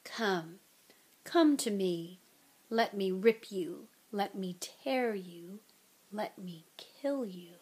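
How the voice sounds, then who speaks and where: An ice-cold, murderous disembodied voice in a storybook reading, as a woman puts it on. It creeps along in a slow, hissing whisper, soft and distant. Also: medium pitch, expressive, slightly rough, heavily acted. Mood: menacing. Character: cold venomous disembodied voice, menacing.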